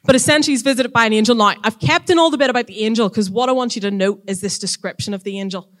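A woman teaching a church audience in a casual, chatty sermon, lively and quick to act out voices when retelling stories. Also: on the high side.

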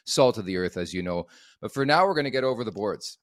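A man's voice: on the low side, animated, fast talker, music in the background. A man hosting a sports podcast, upbeat and joking as he steers the talk. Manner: upbeat, joking, leads the segments. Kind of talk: casual sports chat.

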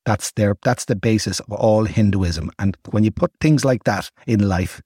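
This older Irish man talks with a husky, slightly breathy edge, spinning enthusiastic yarns in loose conversation. The sound is dry and close, with next to no room around him. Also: lowish voice, normal speed, dry recording. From Ireland. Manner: animated, laughing storyteller with broad enthusiasm. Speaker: podcast guest recounting travels. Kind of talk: casual storytelling chat.

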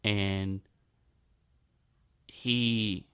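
A man in his thirties tells a personal story in a halting, repetitive way, often dropping into a soft, low voice. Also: flat delivery, smooth. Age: 30s. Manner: halting, repeats himself, drifts into a soft low voice.

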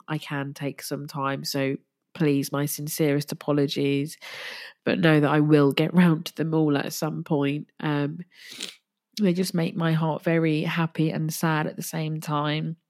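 A woman hosting a podcast, talking haltingly and tearfully in a personal monologue, with restarts and soft sighs. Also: deep voice. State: tearful, crying at times. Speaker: podcast host.

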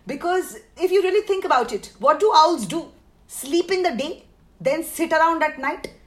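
Woman, high voice, sarcastic ranty comedian guest. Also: lively intonation, normal speed. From India. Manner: sarcastic, ranting, mock-outraged. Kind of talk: comedic podcast banter.

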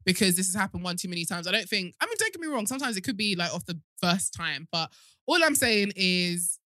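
A young woman talks in a relaxed podcast chat. Her voice is bright and sharp, and the recording is dry and close. She speaks frankly and pads her points with plenty of fillers. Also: lowish voice, fast, no echo. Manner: chatty, frank, lots of fillers. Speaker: podcast host. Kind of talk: casual chat.

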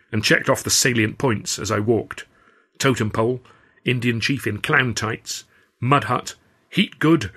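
A man who is the author reading his own novel aloud in measured, wry first-person narration. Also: lowish voice, fairly bright tone, husky.

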